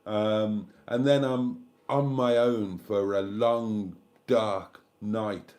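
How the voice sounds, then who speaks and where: A man's voice: on the low side, steady tone, extremely slow, darkish tone. An older man with a South Welsh accent, hosting a live stream in casual chat, rambling as he thinks aloud and thanks viewers. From South Wales.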